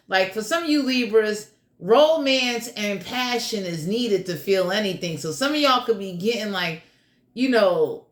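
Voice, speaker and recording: A woman's voice: fairly high pitch, reverberant. A woman giving a casual general tarot reading in a blunt, crude, joking way, swearing freely. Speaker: tarot reader.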